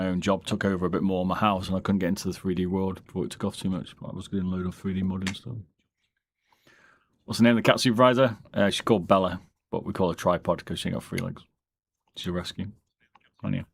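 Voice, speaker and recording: Low-voiced, laid-back streamer. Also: male voice, slight background noise. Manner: relaxed, rambling, answers chat between asides. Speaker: streamer and mouse modder. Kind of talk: casual live-stream chat. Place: home, during a live stream.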